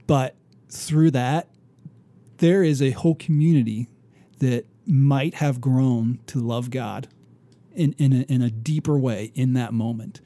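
A man with a warm, mellow voice tells a story on a casual faith podcast, speaking earnestly. He restarts his sentences often and lets some asides trail off quietly. The sound is dry and close. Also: mid-range voice, a little slow, dry recording. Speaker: podcast co-host.

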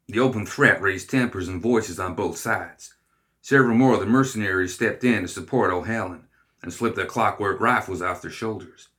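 Low-voiced, bright storybook narrator. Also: male voice, normal speed. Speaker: reader.

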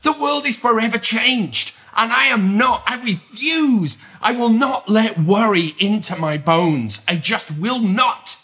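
A middle-aged man with a British accent hosting a podcast, talking in an energetic, emphatic, upbeat way. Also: high voice, measured pace, hardly any pauses. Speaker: podcast host. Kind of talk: motivational podcast monologue.

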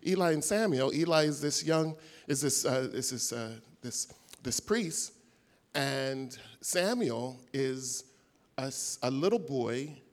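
A man preaching a sermon, retelling stories conversationally with big swings in loudness and pitch. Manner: conversational, many fillers.

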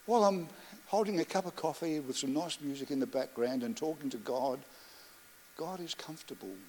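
A middle-aged man preaches with a voice pitched a little higher than most men's. He tells stories and stacks up phrases in steady lists. He drops into soft, reflective asides as he talks. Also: brisk, slight background noise. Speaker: pastor. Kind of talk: sermon.

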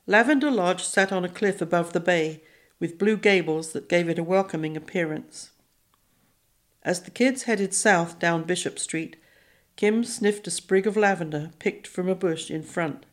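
Woman reading a kids novel aloud, steady, lowish voice. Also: normal speed. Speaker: audiobook narrator. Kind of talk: scripted narration.

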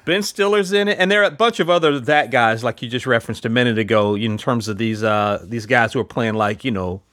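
A man's voice: medium pitch, a little fast, a bit bright, no room sound, clean studio sound. A man casually chatting as a podcast host, rambling with lots of fillers and restarts. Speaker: podcast host reviewing films. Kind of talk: casual chat.

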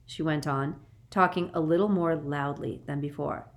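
A woman narrating an audiobook in a measured, expressive storytelling manner. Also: sits low.

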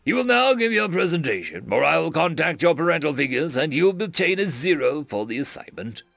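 A stern, easily outraged alien instructor gives formal commands, played by a man. The voice sits a little high and moves with lively pitch. Faint music plays under a dry recording. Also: brisk, creaky, no echo, exaggerated voice. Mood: commanding.

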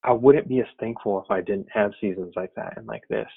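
A fairly low, husky man with a gravelly edge speaks in an earnest, reflective way. He shares a personal faith story loosely, with plenty of fillers. The sound is thin and tinny, as if over a phone line. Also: a little fast.

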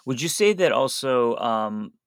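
A man's voice: medium pitch, expressive, unhurried, smooth, dry recording. A man co-hosting a podcast, chatting casually, backing his partner up, asking follow-up questions and joking. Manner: affirming listener, joking, asks follow-up questions. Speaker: podcast co-host.

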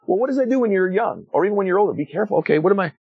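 Husky man in his forties, animated. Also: rapid-fire, no echo, phone-quality sound, soft background music. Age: 40s. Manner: animated storyteller, rises sharply in pitch to make a point. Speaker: author and guest. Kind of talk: casual interview conversation.

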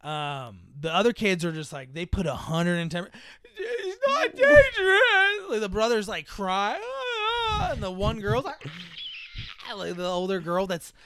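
A man's voice: high-pitched, moderate pace, few pauses, no echo. A man in casual chat, rambling and profane as he mocks a movie's plot. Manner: rambling, profane, mocking, acts out characters in voices.

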